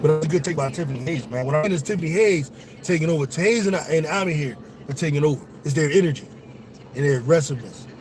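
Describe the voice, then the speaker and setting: A young man, his voice pitched a little high, calls a basketball game live for his viewers. He is excitable and swears freely. A faint hiss sits under the voice. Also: fast talker. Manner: excitable, profane, talks straight to viewers. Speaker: sports show host. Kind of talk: casual live watch-along commentary.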